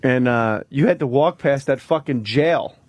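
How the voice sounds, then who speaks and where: A man guesting on a radio talk show, telling animated, swear-filled comic stories. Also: medium pitch, unhurried. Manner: animated, swearing, acts out quoted voices. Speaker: comedian guest. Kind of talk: profane comic storytelling. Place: radio studio.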